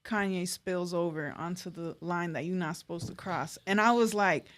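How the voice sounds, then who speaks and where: A woman's voice: on the low side, normal speed. A young woman from Los Angeles, a guest artist telling stories in a casual interview, acting out quotes and laughing often. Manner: animated storyteller who acts out quotes, laughs often.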